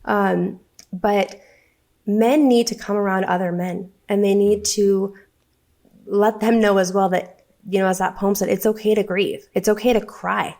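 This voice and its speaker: A woman's voice: medium pitch, steady tone, a little slow, creaky, darkish tone. A woman being interviewed as a guest on a podcast, speaking earnestly and with heartfelt conviction.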